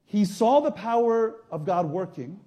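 A male priest giving a conversational sermon, going from soft, quiet asides to loud emphatic passages. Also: high voice, lively intonation, a little slow. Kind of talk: sermon teaching.

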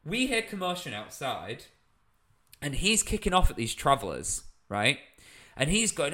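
A young man tells a comic anecdote in loose podcast chat, with plenty of fillers and swearing. His pitch bounces widely and sits a little high. He sounds animated. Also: moderate pace. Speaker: podcast co-host, storyteller. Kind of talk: casual comedic storytelling.

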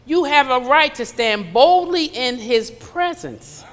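A woman's voice: high voice, lively intonation, slow. Woman preaching in a reverberant church. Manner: conversational preaching with acted asides. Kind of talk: sermon. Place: church sanctuary. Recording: long hall reverb.

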